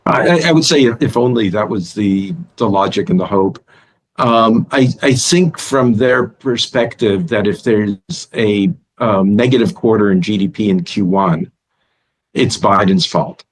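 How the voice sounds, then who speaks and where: Low-voiced man giving halting analysis. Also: poor audio. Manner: thoughtful, halting with repeated starts. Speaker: guest analyst. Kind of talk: remote interview commentary.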